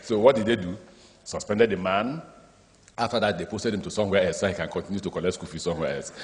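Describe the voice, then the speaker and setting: A man's voice: low voice, fast talker. A man with a Nigerian accent, a state governor addressing an education summit, telling stories and acting out the dialogue in them. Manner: lively storyteller, acts out dialogue in speech, draws audience laughter. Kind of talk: speech with anecdotes. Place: large conference hall. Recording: reverberant hall.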